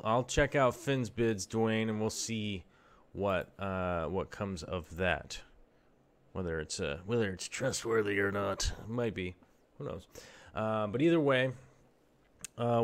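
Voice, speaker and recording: A man casually hosting a live stream, rambling in a laid-back way with lots of fillers. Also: lowish voice.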